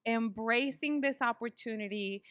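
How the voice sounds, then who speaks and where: Bright, encouraging woman host. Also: on the high side, moderate pace, clear, resonant tone, no room sound, studio quality. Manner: encouraging, affirming, asks guiding questions. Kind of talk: casual chat, interviewing.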